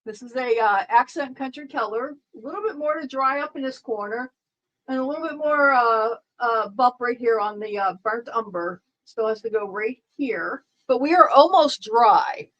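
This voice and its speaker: A woman with a high voice chats casually through a live stream. She rambles, repeats her words and jokes with her viewers in the chat. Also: normal speed, a bit bright, lo-fi sound. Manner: rambling, repeats herself, joking and talking to chat.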